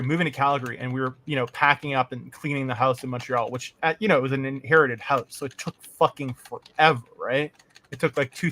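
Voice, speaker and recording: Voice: mid-range voice, a bit bright, slight background noise. A podcast co-host from Canada chatting casually, telling profane stories and laughing often. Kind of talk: casual chat.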